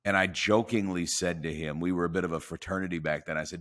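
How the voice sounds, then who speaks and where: A man's voice: low-pitched, quick pace. A man telling a story from his sales career as a podcast guest, acting out the voices in it. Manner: animated storyteller acting out dialogue.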